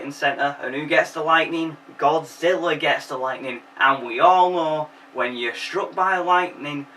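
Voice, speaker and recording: A man's voice: mid-range voice, sharp tone, far from the mic, slight background noise, poor audio. Sweary man recapping a film. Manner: sarcastic, sweary, jokey. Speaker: film reviewer host.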